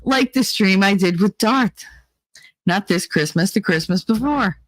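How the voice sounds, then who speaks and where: A woman's voice: mid-range voice, expressive, measured pace, no echo, low-quality recording. A woman livestreamer chatting casually in a blunt, rambling way, swearing and laughing often.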